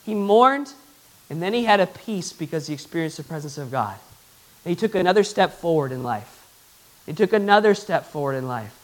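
A man preaching a sermon to his church, swinging from loud, excited bursts to hushed, earnest appeals. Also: on the high side, fairly quick. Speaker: pastor.

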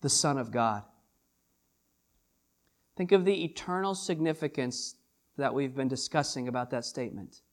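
A man preaching a sermon as pastor, swinging between hushed lines and loud, drawn-out emphasis. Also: mid-range voice.

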